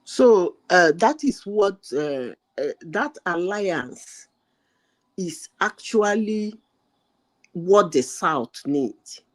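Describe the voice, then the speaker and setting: A woman arguing politics with scorn, pressing each point slowly and deliberately. Her voice is lowish for a woman and swoops widely in pitch as she pushes her case. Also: lively intonation. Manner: emphatic, scornful. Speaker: panelist. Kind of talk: heated political discussion.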